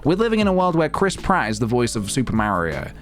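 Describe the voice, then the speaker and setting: A man's voice: medium pitch, wildly swooping pitch, quick pace. A man streaming late at night in casual, rambling, wry chat. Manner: rambling, wry, self-mocking.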